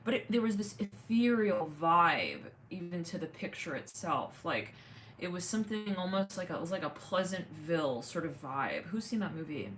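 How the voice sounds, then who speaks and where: Chatty woman livestreamer, lively pitch. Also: normal speed, slight background noise. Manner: rambling, chatty, many fillers and laughs. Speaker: livestream host. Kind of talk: casual livestream chat.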